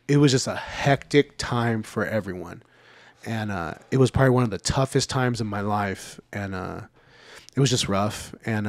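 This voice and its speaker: A man's voice: lowish voice, no echo. A man in his thirties talking candidly on a podcast, laid-back, with lots of fillers and the odd curse word. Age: 30s. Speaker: podcast regular. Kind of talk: casual podcast chat.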